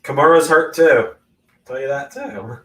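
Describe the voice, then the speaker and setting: A man hosting a live watch-along of a wrestling event, reacting with sudden loud exclamations between casual remarks. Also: on the high side, moderate pace, recorded from a distance. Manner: excitable, bursts into loud exclamations. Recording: roomy echo, voice off-mic.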